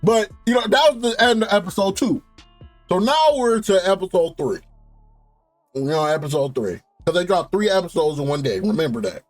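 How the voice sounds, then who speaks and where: A young man with a high, bright speaking voice, rattling off a casual, profane TV recap. He laughs often and gets worked up as he talks. The sound is dry and close, with faint music underneath. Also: expressive, normal speed, no echo. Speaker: TV show reviewer. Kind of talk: casual review rant.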